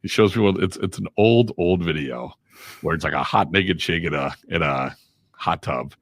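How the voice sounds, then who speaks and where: A man, a radio and voiceover professional, telling animated anecdotes in casual chat, acting out the people in his stories. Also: sits low, normal speed, no room sound, studio quality. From Chicago area. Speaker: guest voiceover artist and radio personality.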